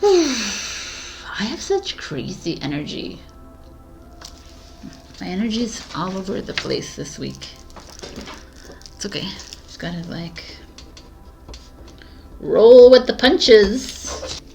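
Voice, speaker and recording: A woman's voice: mid-range voice, huge pitch swings, slow, creaky, pauses often, soft background music. A woman tarot reader talking casually to her viewers, laughing at herself and losing her train of thought. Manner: giggly, scattered, laughing at herself. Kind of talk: casual spoken tarot talk.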